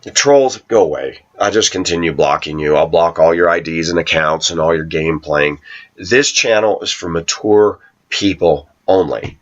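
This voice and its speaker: A man's voice: low-pitched, normal speed, highs cut off. A man hosting his own channel, telling workplace stories in a sarcastic, rambling way. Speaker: YouTube channel host. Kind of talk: casual talking-to-camera monologue.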